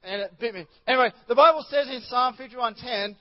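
A man's voice: very high-pitched, a little fast, highs cut off. A male pastor preaching a chatty sermon in church, rambling with many restarts and asides to the congregation.

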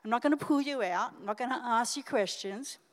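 Older Australian woman pastor, high voice, lively sermon in a reverberant church hall. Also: a little fast. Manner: animated, emotional, talks straight to the congregation. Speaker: senior pastor.

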